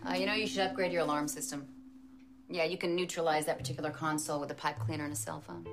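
A woman's voice: low-pitched, steady tone, fast, music in the background. An actress playing an awkward, bluffing female private investigator who talks with flustered hesitations and overconfidence. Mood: defensive. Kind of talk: TV drama acting.

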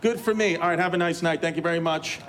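A man's voice: on the high side, fast talker, noisy background. A man closing a stand-up set in a crude, rambling, profane way. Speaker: stand-up comedian. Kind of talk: stand-up set and backstage banter.

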